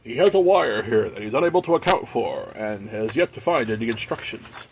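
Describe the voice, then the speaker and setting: A man putting on the voice of a grave male mystery-show narrator, announcing slowly and dramatically. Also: mid-range voice, expressive, creaky, slight background noise. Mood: ominous. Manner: slow dramatic announcing, loud and raised.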